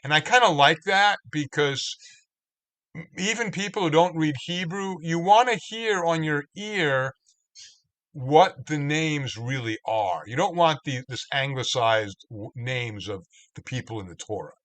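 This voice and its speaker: A man, a cantorial spiritual leader, teaching a Torah study online in a slow, reflective way, restarting words as he reads out translations. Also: a little high, a bit bright.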